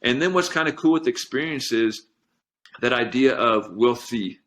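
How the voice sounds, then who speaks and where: A man's voice: medium pitch, moderate pace, fairly bright tone. A middle-aged man, a strength coach, telling personal stories in a casual interview and turning emotional about them. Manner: earnest storytelling, gets emotional. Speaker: podcast guest, strength coach.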